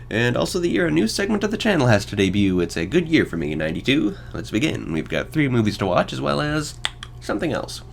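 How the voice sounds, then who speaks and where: A man's voice: on the low side, vocal fry, a little hiss or hum. A man in his twenties hosting a solo podcast, reviewing films with casual commentary and sarcastic, wry asides. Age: 20s. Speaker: podcast host.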